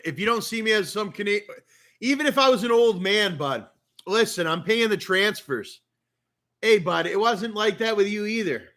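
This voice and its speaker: A man's voice: high-pitched, animated, moderate pace, fairly bright tone. A man with a Canadian accent telling a long, rambling story in a casual rant, swearing often and talking with a lot of animation. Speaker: streamer.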